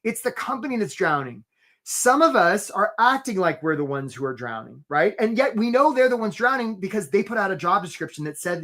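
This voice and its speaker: A man's voice: high-pitched, sing-song, fairly quick, sharp tone. Man coaching a live webinar. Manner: motivational, peppers lines with "right?". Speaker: career coach.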